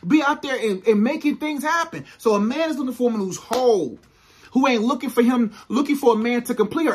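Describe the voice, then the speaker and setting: Husky, emphatic faith-based relationship talk. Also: high voice. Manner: emphatic and repetitive, casual slang. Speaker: relationship advice speaker.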